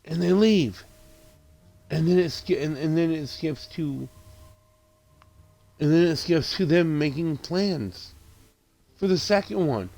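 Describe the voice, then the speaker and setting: Excitable, cursing man recapping a movie. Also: a little high, slow pace, gravelly, long pauses. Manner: excitable, profane retelling with frequent restarts and acted-out quotes. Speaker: movie reviewer. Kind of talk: casual spoken movie recap.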